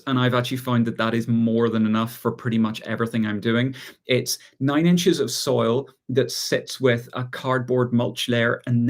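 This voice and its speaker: A man with an Irish accent hosting a relaxed live chat, reading out viewer questions and answering them with easy laughs. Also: medium pitch. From Ireland. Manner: relaxed, chatty, reads out viewer comments and laughs often. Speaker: gardening channel host.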